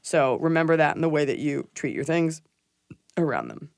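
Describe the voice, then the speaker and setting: A woman hosting a podcast, chatting casually and joking in an animated, playful way. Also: deep voice, normal speed, creaky, no echo, studio quality. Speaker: podcast host. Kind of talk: casual comedic chat.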